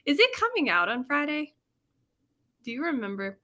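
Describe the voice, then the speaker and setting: A woman's voice: high voice, big pitch swings, normal speed, sharp tone. A young woman hosting a live stream in casual chat, rambling and laughing often mid-sentence, and prone to over-explaining herself. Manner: self-conscious over-explaining. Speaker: livestream host.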